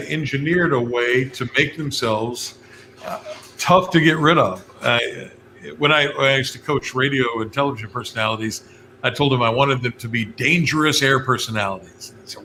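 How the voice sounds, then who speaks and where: A man's voice: medium pitch, pushed and bright, a little hiss or hum. A man from West Virginia, a guest on a radio talk show, telling folksy stories and laughing easily. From West Virginia, USA. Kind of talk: radio interview chat.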